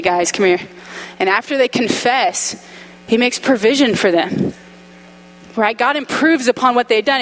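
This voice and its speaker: A young woman delivers a sermon in a slightly high voice, weaving a family story into her teaching. She speaks candidly and with humor, in a conversational, unpolished way. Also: fairly bright tone. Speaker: preacher.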